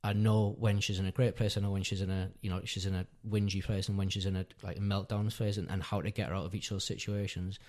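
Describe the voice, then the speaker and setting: Give me a man in his thirties with a lowish voice, telling a story in an earnest, rambling way. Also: little pitch movement, fast talker, few pauses, darkish tone. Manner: rambling, self-correcting, earnest. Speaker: podcast guest, father. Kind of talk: casual storytelling chat.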